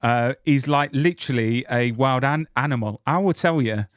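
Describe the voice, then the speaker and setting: A man's voice: medium pitch, normal speed, clear, resonant tone, no echo, studio quality. A man, teasing a friend in casual chat.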